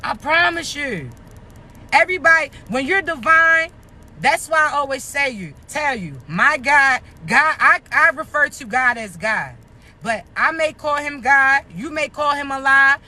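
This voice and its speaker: Raspy, high-voiced Maryland woman. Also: sharp tone. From Maryland, United States. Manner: blunt, profane, streetwise, keeps asking "you understand me?". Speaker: motivational social media creator. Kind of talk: casual motivational talk to camera.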